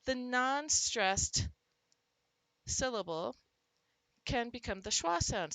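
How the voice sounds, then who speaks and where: A woman with a bright, clear voice walks teachers through a literacy lesson. She punches out syllables to show stress and calls the example words out loud. The sound is close and dry, with no room echo. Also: on the high side, lively intonation, slow pace. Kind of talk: instructional talk to teachers.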